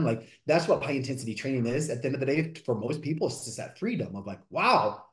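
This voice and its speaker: A man's voice: medium pitch, roomy sound. A man around forty, a fitness coach telling client stories earnestly in a podcast interview. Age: 40s. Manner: energetic, earnest storytelling.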